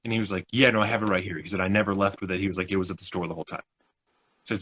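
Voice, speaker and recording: A man's voice: low-pitched, steady tone, fast talker, a bit bright, rough recording. A young man co-hosting a podcast, telling a story in casual chat, acting out other people's lines and swearing often. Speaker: podcast co-host.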